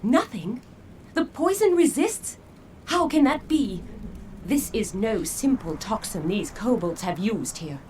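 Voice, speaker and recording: A man's voice: high-pitched, sing-song, slow, background noise, pitched above the performer's own voice, full character voice. A man voicing an earnest female healer. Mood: concerned. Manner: formal, old-fashioned speech. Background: game music.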